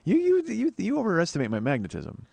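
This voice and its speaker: A man telling a profane, animated story on a comedy podcast, acting out what other people said. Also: high-pitched, quick pace, creaky. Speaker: comedian host.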